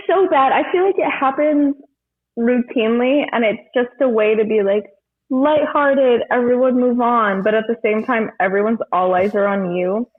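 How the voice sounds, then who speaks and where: A woman guest chatting casually about her bartending work, animated, laughing often and swearing freely. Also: a little high, normal speed. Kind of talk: casual chat. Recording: tinny phone-like line.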